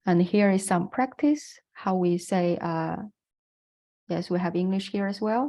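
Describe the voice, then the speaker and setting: Chinese-accented woman lecturing, low voice. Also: mellow. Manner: patient, explanatory, halting with fillers. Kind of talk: online lecture on Chinese language.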